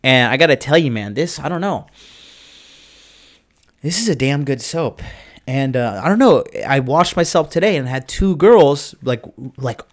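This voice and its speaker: A man's voice: medium pitch, lively intonation, a little slow. A man hosting a casual livestream from his home, reading viewer comments and rambling in a loose, profane, boastful way. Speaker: dating coach and livestream host.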